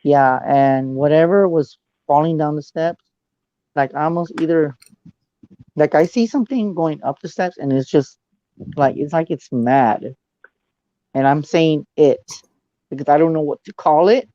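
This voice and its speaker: A male psychic giving a dramatic live reading over a video call. He often drops into low, hushed asides. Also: a little slow, pauses often, no echo, highs cut off.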